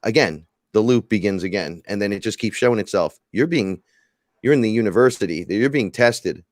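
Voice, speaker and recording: A man talks in a loose, rambling way and slips into little acted-out quotes. His voice sits fairly low, and the sound is dry and close with no room around it. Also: brisk, no echo. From New York. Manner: rambling, animated, acts out quotes. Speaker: podcast guest. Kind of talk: casual chat.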